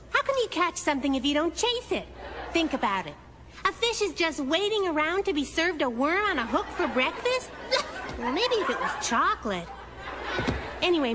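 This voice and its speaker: A woman's voice: high-pitched, noisy background. A woman voicing a chatty, cheeky young cartoon girl who tells playful stories with giggles. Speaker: narrator character. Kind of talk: cartoon monologue to the audience.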